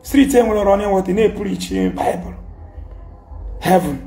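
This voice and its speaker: A man's voice: sits high, expressive, normal speed, mellow, soft background music. A Nigerian man with an Igbo accent, ranting and scolding in a heated social media monologue, mixing Igbo and English and repeating his points. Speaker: commentator.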